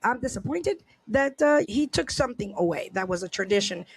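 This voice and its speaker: A woman's voice: fairly high pitch, lively intonation, fairly quick, breathy edge. A woman hosting a casual podcast, reading news aloud and reacting with indignant rhetorical questions and many restarts. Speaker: podcast host.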